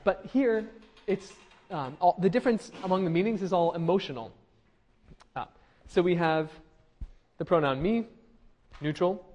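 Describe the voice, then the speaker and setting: A man's voice: high-pitched, normal speed, pauses often, darkish tone. A man giving a classroom lecture, conversational, with frequent fillers and restarts, asking the class questions. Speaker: university lecturer.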